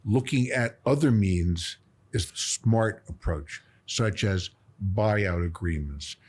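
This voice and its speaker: A man's voice: on the low side, takes it slowly, a little mellow, breathy edge. A man speaking as a business lawyer in a panel discussion, explaining points with everyday analogies.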